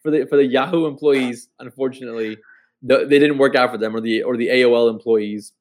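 A man's voice: medium pitch, steady tone, a little fast. A man with a Texan accent, co-hosting a podcast in loose, casual chat, swearing often and laughing easily. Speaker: podcast co-host.

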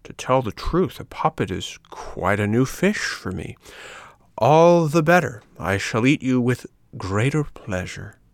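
A man voicing a huge, greedy, green lizard-like ogre fisherman in a storybook reading, drawing out his words slowly as he gloats. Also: mid-range voice, lively intonation, dry recording, pitched above the performer's own voice. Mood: mock courteous. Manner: slow, drawn-out, gloating and relishing.

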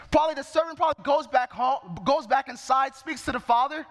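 A man's voice: very high-pitched, fairly quick, hardly any pauses, long reverb tail. A man preaching a sermon, reading scripture verse by verse and explaining it as he goes.

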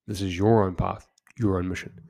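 A deep, gravelly male voice delivers a motivational podcast monologue in a flat, steady tone. He speaks in short, direct commands and often trips over repeated words. The sound is dry and close, with no room around it. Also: normal speed, dry recording. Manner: direct, punchy exhortations with stumbling repeated words. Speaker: podcast host.

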